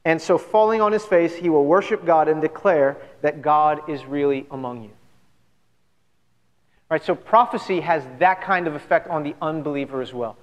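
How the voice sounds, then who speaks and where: A man's voice: fairly high pitch, moderate pace, highs cut off. A man pastor giving an earnest, conversational sermon full of rhetorical questions to his church. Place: church sanctuary. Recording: long church hall reverb.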